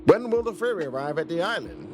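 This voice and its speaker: Talking fast in a high-pitched, very animated voice, a man casually reviews an indie game as a let's play reviewer. Game music plays underneath as he reads the dialogue aloud with playful, silly voices.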